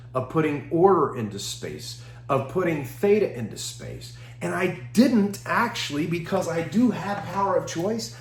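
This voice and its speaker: Male speaker from Texas, storytelling seminar, slightly high voice, echoey room. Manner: animated, acts out quoted dialogue, laughs often. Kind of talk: storytelling talk.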